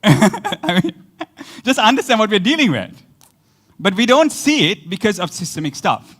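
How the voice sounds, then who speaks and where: Male pastor, conversational sermon delivery, slightly higher than usual voice, quick to laugh and act out quotes. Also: sing-song, fairly bright tone, slightly rough.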